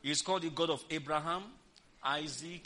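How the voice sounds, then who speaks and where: With a low-pitched voice and moderate pace, a woman pastor gives an emphatic sermon. Rhetorical questions fly at the congregation, punctuated by loud exclamations.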